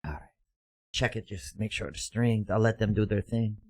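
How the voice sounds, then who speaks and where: A man's voice: lowish voice, moderate pace, darkish tone, dry recording. A man playing a tabletop game, talking hesitantly and trailing off. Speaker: player. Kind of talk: casual tabletop play.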